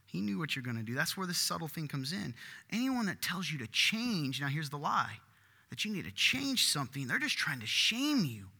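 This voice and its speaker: Man preaching, bright sharp voice, animated, emphatic bursts, church hall echo. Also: on the high side, moderate pace, vocal fry, husky. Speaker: pastor. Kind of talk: sermon.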